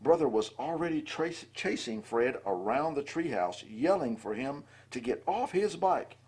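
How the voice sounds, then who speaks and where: An older man reads a children's picture book aloud in a husky voice. He sounds lively and expressive, with a wide, swinging pitch. He keeps stopping to chat about the pictures. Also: unhurried. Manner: adds asides and chatty commentary between lines. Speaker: storybook reader.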